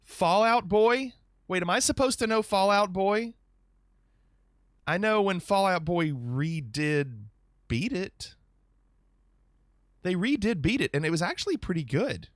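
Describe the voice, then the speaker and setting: A man's voice: high voice, sing-song, a little slow, long pauses, no echo, studio quality. A man streamer chatting casually and reacting to viewer alerts on a live stream.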